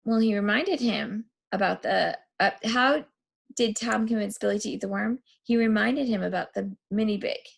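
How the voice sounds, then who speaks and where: A woman teacher reading a chapter book aloud and going over questions, relaxed with fillers. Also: mid-range voice, normal speed, vocal fry, slightly rough. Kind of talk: reading a novel aloud and quizzing students.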